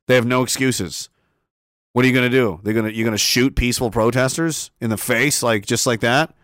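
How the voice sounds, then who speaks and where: A man talking on a casual livestream, excitable and profane, laughing often and restarting his sentences. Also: mid-range voice, brisk, no echo, clean studio sound. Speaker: streamer.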